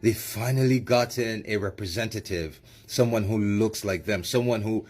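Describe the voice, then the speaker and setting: A man's voice: fairly low pitch, normal speed, darkish tone. A man mocking his audience with sarcastic, emphatic commentary in a played clip.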